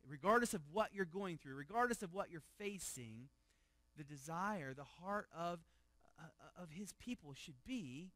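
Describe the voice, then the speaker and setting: Higher-pitched pastor preaching a sermon. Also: male voice, no room sound. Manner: conversational, repeats words, asks the room questions; swings from loud emphasis to hushed low tones.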